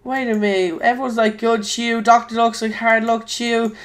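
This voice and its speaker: A young Irish man giving excitable live commentary on his own gameplay, swinging between quiet muttering and loud shouts. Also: extremely high pitch, normal speed. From Ireland. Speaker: gaming YouTuber.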